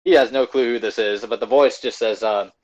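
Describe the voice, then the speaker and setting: A man's voice: medium pitch, steady tone, brisk, a little mellow, muffled recording. A man acting as game master, narrating the scene loosely with many fillers.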